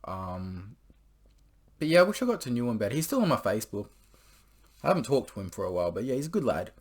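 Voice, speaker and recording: A man's voice: mid-range voice, big pitch swings, quick pace. A young man casually telling a story to camera, rambling and crude, full of swearing and filler words. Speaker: vlogger.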